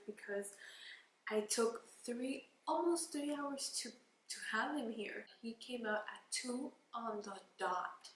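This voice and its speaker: A woman's voice: fairly high pitch, unhurried. Sniffling young woman telling a candid story. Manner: candid, animated and emotional, with whispered asides. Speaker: vlogger. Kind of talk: personal storytelling to camera. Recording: roomy echo with faint background noise.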